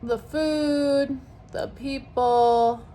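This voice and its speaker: A woman's voice: sits high, steady tone, drawn-out words, warm tone, a little hiss or hum. Chatty young woman rambling to camera. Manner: chatty, rambling, trailing into asides. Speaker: vlogger. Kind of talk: casual chat while doing makeup. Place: home at night. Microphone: camera very close to her face.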